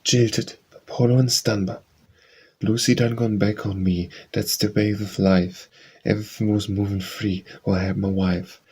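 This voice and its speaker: Husky low-voiced man reciting verse. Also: little pitch movement, normal speed, a little mellow. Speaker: audiobook reader.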